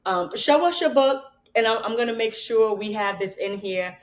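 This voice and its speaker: A woman's voice: a little high, moderate pace. A woman hosting an interview, supportive of her guest and asking long questions. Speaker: interview host.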